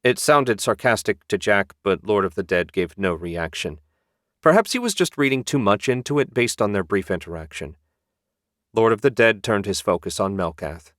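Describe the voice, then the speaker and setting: Low-voiced man narrating an audiobook. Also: moderate pace, a bit bright, dry recording, clean studio sound.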